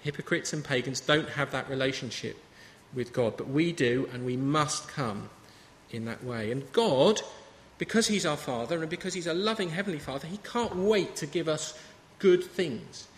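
This sermon comes from a man in his thirties with a slightly high voice, speaking at a moderate pace with few pauses. He preaches conversationally, leaning on stories, and the reverberant hall adds faint ambience.

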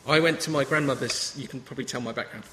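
A man's voice: medium pitch, fast talker, sharp tone, slight background noise. A man in his thirties preaching a sermon in a chatty, story-telling way. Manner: conversational, anecdotal preaching. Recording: reverberant hall with faint ambience.

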